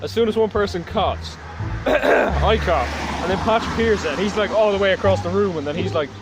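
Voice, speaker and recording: A young Irish man telling animated, laughing stories in a casual chat. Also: sits high, quick pace, poor audio. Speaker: co-host. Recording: loud music underneath.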